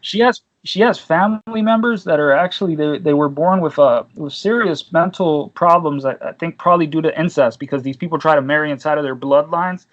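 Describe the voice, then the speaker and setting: A man's voice: on the high side, fairly quick, hardly any pauses, dull audio. A man hosting a casual podcast chat, telling rambling stories full of slang and swearing. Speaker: podcast host.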